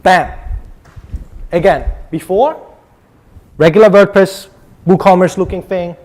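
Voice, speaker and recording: A man's voice: high voice, moderate pace, darkish tone. A young man from Germany with a German accent, giving a chatty, joking conference talk full of ums. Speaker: conference speaker.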